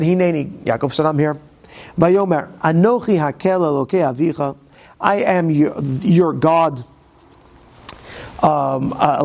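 A man giving an informal Torah class, animated and full of restarts and asides. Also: fairly high pitch, creaky. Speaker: Torah teacher.

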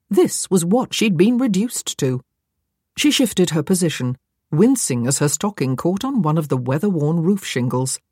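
A woman narrating an audiobook with an expressive, wry storytelling manner. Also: lowish voice, husky, no room sound, studio quality.

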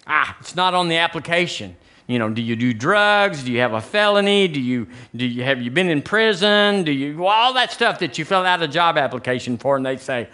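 A middle-aged man with a Southern American accent, preaching an animated sermon in a church, with joking asides to the congregation. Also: a little high, normal speed. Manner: animated preaching, rising to near-shouted emphasis on scripture; chatty asides and jokes with the congregation. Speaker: pastor. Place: church sanctuary.

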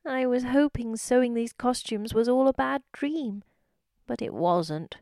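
A gentle mother goat from a storybook, harassed and close to wailing, her voice pushed up high with worry, as a woman puts her on. The sound is dry and close to the mic. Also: measured pace, dry recording. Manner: desperate, wailing. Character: flustered, kind mother goat, female. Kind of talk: storybook reading.

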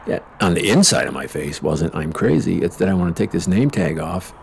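A middle-aged man with a very low, gravelly voice rambles through a podcast story. He swears freely and wanders into sarcastic asides. Faint noise sits behind him. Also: animated, fairly quick. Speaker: podcast host. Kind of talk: casual storytelling monologue.

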